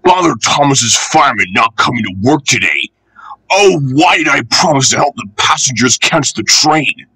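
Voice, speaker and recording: A man voicing an excitable, eager male road bus in a children's storybook. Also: medium pitch, normal speed, husky, no echo, heavily acted, poor audio. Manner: excitable, cheering.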